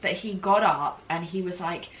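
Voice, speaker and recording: A woman's voice: fairly low pitch, moderate pace, a bit bright. A woman life coach talking in an upbeat, emphatic way, often adding "right?" to her points. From England. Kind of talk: conversational interview. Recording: echoey room with faint noise.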